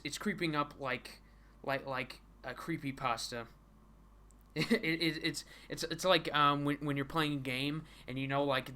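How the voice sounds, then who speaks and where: A male streamer reading a comic aloud live, in a bright, ringing mid-range voice. He stammers and repeats words as he goes and breaks into giggles often. He leans into mock-dramatic dread for comic effect. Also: mid-range voice. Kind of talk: casual live-stream commentary.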